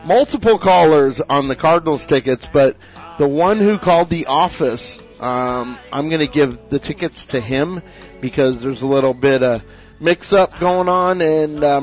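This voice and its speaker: A man hosting a local radio talk show, chatty and joking as he rambles from sports to sponsors. His voice sits somewhat high, and the broadcast audio is dull and lo-fi with faint music beneath. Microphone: studio microphone.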